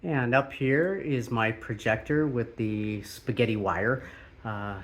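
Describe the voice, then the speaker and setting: A man showing around his backyard golf simulator shed in a casual, halting way, full of fillers and restarts. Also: medium pitch, a little hiss or hum. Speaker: golf vlogger. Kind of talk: casual home tour.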